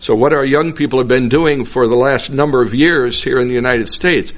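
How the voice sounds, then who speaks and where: A man slowly teaching a Bible passage verse by verse, patiently explaining each phrase and repeating himself. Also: medium pitch, a bit bright. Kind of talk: slow verse-by-verse Bible lesson. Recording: dull lo-fi recording.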